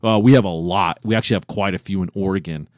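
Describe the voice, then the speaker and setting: A man co-hosting a casual podcast from a home recording room, cursing freely and breaking into loud disbelief. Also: low-pitched, fast talker, no room sound, studio quality. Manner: profane, incredulous, loud bursts of disbelief. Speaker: podcast co-host. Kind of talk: casual banter.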